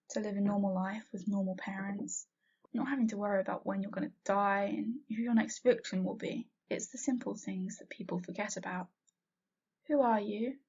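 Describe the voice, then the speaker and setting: A woman reading a first-person fanfiction story aloud, in a soft, unhurried way that drops quiet at sad moments. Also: mid-range voice, gravelly, husky, muffled recording. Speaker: fanfiction reader.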